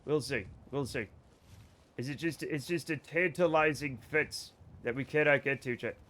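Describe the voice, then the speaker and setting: A man's voice: mid-range voice, normal speed, sharp tone. A man streaming a video game live, chatting casually with viewers in a rambling, joking way and swearing freely. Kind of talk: casual let's-play chat with viewers.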